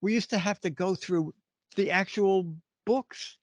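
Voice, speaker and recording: An older man, a veteran humor writer, telling animated anecdotes in a casual interview. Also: high voice, measured pace, dry recording. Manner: animated anecdote teller who acts out dialogue.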